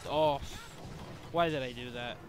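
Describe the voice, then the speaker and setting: A man giving excitable gameplay commentary while sick with a bad cough, breaking into frequent exclamations. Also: medium pitch, unhurried, noisy background. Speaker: gamer.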